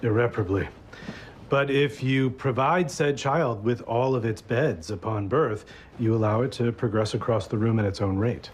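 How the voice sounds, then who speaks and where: A man's voice: mid-range voice, moderate pace, a little hiss or hum, lightly acted. An actor playing an eccentric man explaining his strange parenting beliefs with earnest formality, in a TV drama clip. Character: eccentric male host explaining odd child-rearing.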